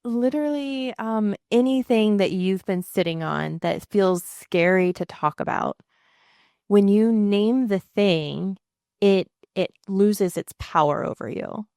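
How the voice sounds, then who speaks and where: A woman's voice: medium pitch, slow, creaky, darkish tone, clear, resonant tone, no echo, clean studio sound. A woman who is a guest coach for couples, speaking in a casual, reassuring way. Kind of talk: casual interview talk.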